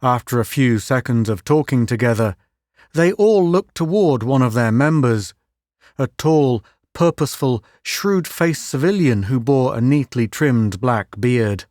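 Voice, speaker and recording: A man's voice: expressive, measured pace, darkish tone, dry recording, studio quality. Man reading a science fiction story. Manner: lifts pitch for quoted speech. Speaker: audiobook narrator. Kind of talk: scripted narration.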